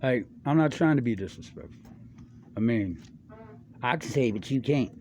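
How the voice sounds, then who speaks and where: A man's voice: medium pitch, expressive, normal speed, a little mellow, a little hiss or hum. A middle-aged man in a loose, rambling monologue. He talks in a slangy, profane way, drifting from one topic to the next. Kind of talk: rambling stream-of-consciousness monologue.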